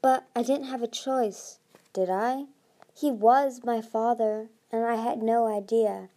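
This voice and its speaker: A woman's voice: on the high side, fairly even intonation, slow pace, warm tone. A woman reading aloud as a fierce young female sea dragon, snapping and defiant. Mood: bitter. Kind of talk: audiobook reading.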